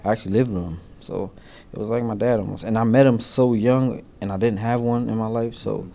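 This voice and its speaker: Halting man in his thirties, low and mellow. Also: steady tone, gravelly. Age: 30s. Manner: halting, searching for words with many fillers. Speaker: interviewee in a news feature. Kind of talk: reflective interview answers.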